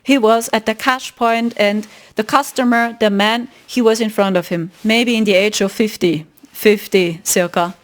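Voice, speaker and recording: A woman's voice: mid-range voice, unhurried. A woman hosting a spiritual podcast, telling a story in a casual, emphatic way. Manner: animated, emphatic, retelling a story. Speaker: podcast host.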